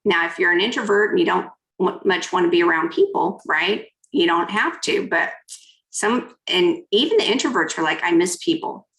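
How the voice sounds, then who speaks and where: This interactive keynote on negotiation is led by a woman whose fairly low, fairly bright voice moves at a normal speed. She coaches listeners through hand exercises and reads out what they type, all captured in an echoey room with poor audio, in the style of an online workshop.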